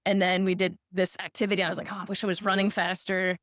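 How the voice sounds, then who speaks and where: A woman in a casual conversation, reflective and animated as she tells a story. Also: mid-range voice, fast talker, no echo, studio quality. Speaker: podcast co-host.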